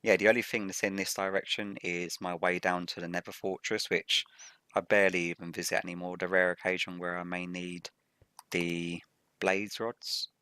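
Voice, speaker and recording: A man hosting a game Let's Play with a rough morning voice, explaining each step methodically as he plays. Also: sits low, monotone, a little fast, pushed and bright, no room sound. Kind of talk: gameplay commentary.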